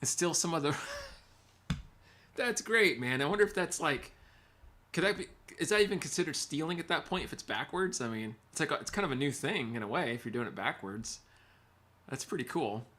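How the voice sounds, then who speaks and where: A man's voice: medium pitch, lively intonation, brisk, fairly bright tone. A man, a guitar teacher, chatting casually on a livestream and reading viewer comments, rambling and laughing easily.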